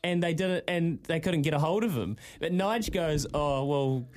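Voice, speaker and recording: Animated man telling a story on radio. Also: a little high, normal speed. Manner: animated storytelling, acts out quotes in a raised voice. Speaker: radio host. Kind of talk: casual breakfast radio banter.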